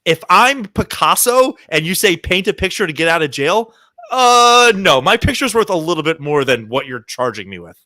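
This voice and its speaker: Animated man telling stories, bright voice. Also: on the high side, normal speed, dry recording, studio quality. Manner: animated storyteller, acts out quoted people. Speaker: podcast co-host. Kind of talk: casual chat, storytelling.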